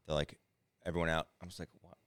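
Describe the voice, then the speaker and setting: A young man with a very low voice talks fast through a rambling story, quoting his friends as he goes. The sound is dry and close. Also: little pitch movement, a bit bright, no room sound. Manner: rambling anecdotes with acted-out quotes. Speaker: podcast co-host. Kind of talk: casual storytelling.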